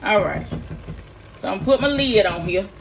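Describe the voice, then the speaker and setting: A woman's voice: medium pitch, animated, unhurried, a little hiss or hum. A middle-aged woman, chatting casually to viewers while demonstrating a home cooking recipe in her kitchen. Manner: folksy, chatty, instructive, addresses viewers directly. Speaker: home cook, vlog host.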